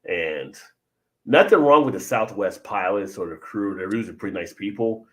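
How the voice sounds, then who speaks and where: A man's voice: fairly low pitch, moderate pace. A man hosting a casual live beer chat, telling stories with emphatic repeats. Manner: animated storytelling, emphatic repeats. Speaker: host.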